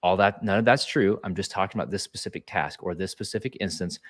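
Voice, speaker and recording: A man's voice: low voice, quick pace. A man speaking as a leadership speaker in a casual webinar, talking earnestly in a coaching way with frequent restarts.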